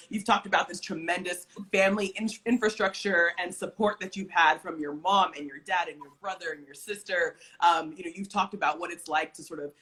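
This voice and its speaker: A woman's voice: on the low side, pushed and bright. A woman hosting an interview, asking long rambling questions full of fillers. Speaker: interview host. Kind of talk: casual interview chat.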